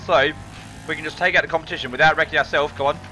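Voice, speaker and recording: A young man, excitedly commentating his own car game, swearing and calling everyone mate. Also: fairly high pitch, very fast, faint music behind, poor audio. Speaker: gaming video host. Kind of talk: casual gameplay commentary.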